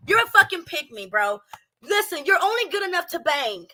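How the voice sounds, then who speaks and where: Brash, high, bright-voiced woman ranting. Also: lively intonation, brisk. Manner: brash, profane, heated ranting. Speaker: reaction commentator. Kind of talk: casual reaction commentary. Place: home, a townhouse. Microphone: streaming setup with speakers playing a clip.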